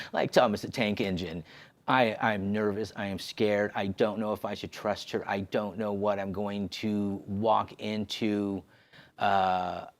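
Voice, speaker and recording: A man sharing an emotional personal testimony, halting and restarting as he talks. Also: lowish voice, fairly bright tone. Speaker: podcast host sharing his story. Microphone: on camera.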